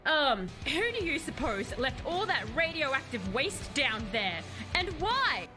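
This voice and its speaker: A woman streaming a video game, chatting excitedly and talking to the characters on screen. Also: high-pitched, takes it slowly, music in the background. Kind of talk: live gameplay commentary.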